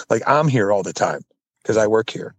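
A man's voice: fairly low pitch, expressive, measured pace, husky, no room sound. A man co-hosting a podcast, telling a story in laid-back casual chat and swearing now and then. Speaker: podcast co-host.

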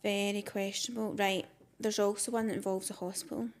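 A woman's voice: medium pitch, little pitch movement, brisk. A young woman co-hosting a podcast, chatty and conversational, often tagging sentences with "right?". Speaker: podcast co-host. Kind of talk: casual chat, reading listener stories.

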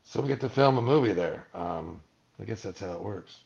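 A man from Malibu, California, appears as an interview guest, telling stories casually and animatedly while acting out the voices of the people he quotes. His voice sits on the low side and moves fairly quickly, with a creaky quality, and the audio sounds dull.

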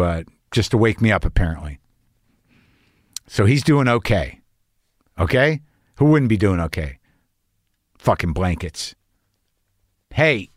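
A man's voice: on the low side, no echo, clean studio sound. A man hosting a podcast, talking in a rambling, anxious, profane comedic monologue. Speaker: podcast host.

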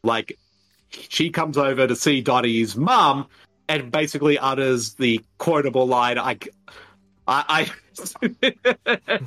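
A man's voice: medium pitch, unhurried, fairly bright tone. An Australian man co-hosting a podcast, joking around in casual banter and laughing often. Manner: jokey, laughs often, drops into silly put-on voices. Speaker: podcast co-host.

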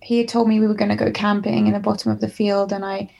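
A woman's voice: mid-range voice, flat delivery, fast, creaky, mellow. A young English woman, a musician, telling a candid and emotional story from her childhood in an interview. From England. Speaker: musician guest.

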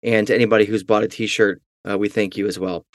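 A man's voice: fairly low pitch, level tone, fast, dry recording, clean studio sound. Jokey man hosting a podcast. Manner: jokey and self-mocking, with many fillers. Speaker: podcast co-host. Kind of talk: casual chat.

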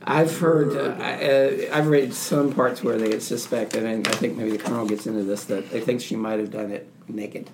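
A man's voice: mid-range voice, fairly even intonation, normal speed, gravelly, hardly any pauses, background noise. A man co-hosting a true-crime podcast, chiming in with facts and wry quips. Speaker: podcast co-host.

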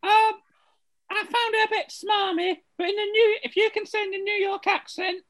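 A woman's voice: very high voice, fairly even intonation, moderate pace, fairly bright tone, dry recording. A woman hosting a casual quiz and ribbing the players with bawdy jokes. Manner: teasing, bawdy, laughing quizmaster. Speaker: quiz host. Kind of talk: casual podcast quiz banter.

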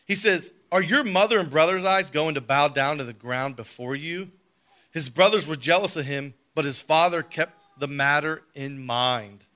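A man preaching a sermon, telling a family story, then reading scripture aloud with big swings from soft to loud. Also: on the high side, normal speed.

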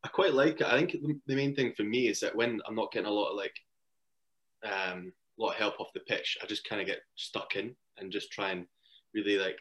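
A young man with a very deep voice chats as a podcast guest, recounting stories in an easy, rambling way. He laughs often as he talks. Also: a bit bright. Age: young adult. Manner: chatty, laughs while telling anecdotes. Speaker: guest, cricket player. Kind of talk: casual interview storytelling.

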